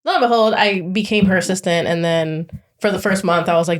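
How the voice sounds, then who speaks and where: A woman's voice: mid-range voice, moderate pace. Wry, joking woman podcast guest. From Dominican heritage. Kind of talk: casual chat.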